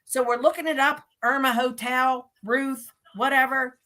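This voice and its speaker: A woman guest telling a story in a lively way, laughing often and acting out what people said. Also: sits high, measured pace. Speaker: guest psychic medium. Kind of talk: animated storytelling.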